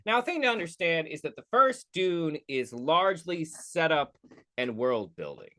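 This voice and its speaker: Goofy man with a lively voice. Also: fairly high pitch, normal speed. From United States. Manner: goofy, rambling, self-interrupting. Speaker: podcast host. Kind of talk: casual solo film review.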